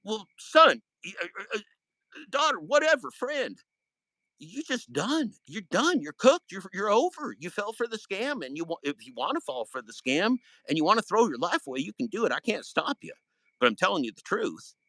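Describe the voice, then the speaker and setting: Fiery high-pitched man ranting on a livestream. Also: sing-song, normal speed, sharp tone, no room sound, low-quality recording. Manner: angry, confrontational, swearing. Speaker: livestream host. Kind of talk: heated livestream rant.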